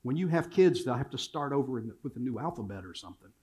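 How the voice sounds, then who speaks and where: A man's voice: mid-range voice, animated, fast talker, a little mellow, breathy edge. An older man preaching a sermon in a church, telling family stories and repeating key phrases for emphasis. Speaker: pastor. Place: church sanctuary.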